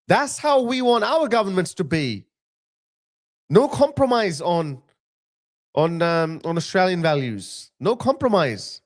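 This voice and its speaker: Male streamer, 30s, slightly high voice, emphatic opinion monologue with frequent restarts. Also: wildly swooping pitch, a little slow. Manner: emphatic, heated, repeats and restarts phrases. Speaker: political commentator streaming live.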